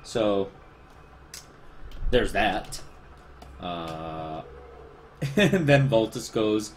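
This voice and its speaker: A man's voice: lowish voice, expressive, drawn-out words, long pauses, a little hiss or hum. A man with a Spanish accent, a livestreaming artist chatting casually, rambling and self-deprecating as he answers chat.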